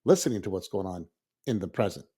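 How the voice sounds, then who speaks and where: A man's voice: low voice, expressive, fast, warm tone, slightly rough. A man of sixty co-hosting a podcast, talking earnestly in a rambling, casual way and laughing often. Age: 60s. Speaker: podcast co-host.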